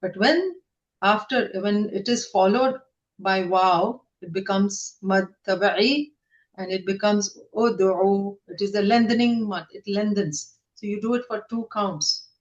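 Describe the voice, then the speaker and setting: A woman teaching Quranic Arabic grammar in a recorded online lesson, patiently repeating each word slowly so learners can copy it. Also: medium pitch, muffled recording. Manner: patient, repeats words slowly to model pronunciation.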